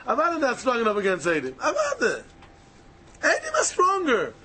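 A man's voice: very high-pitched, huge pitch swings, moderate pace, pushed and bright, a little hiss or hum. A man teaching a Talmud lesson, arguing both sides of the question aloud and hammering points home through repetition.

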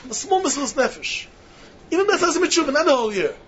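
A man with giving a sermon-style talk to yeshiva students, emphatic and repetitive, swinging between loud stresses and hushed asides, on a muffled lo-fi recording. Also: extremely high pitch, very animated, quick pace. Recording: muffled lo-fi recording with faint hiss.

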